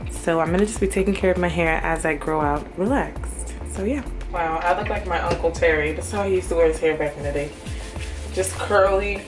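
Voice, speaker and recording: Young woman, hairstylist, casual vlog chat, candid, lowish voice, roomy echo, faint music behind. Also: fairly quick, far from the mic. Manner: candid, chatty, peppered with "like". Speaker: hairstylist and vlogger.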